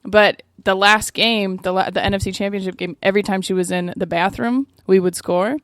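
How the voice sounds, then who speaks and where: A woman's voice: medium pitch, fairly even intonation, fairly quick, dry recording, studio quality. A woman co-hosting a podcast, telling a story in casual chat, laughing often and swearing freely. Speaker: podcast co-host.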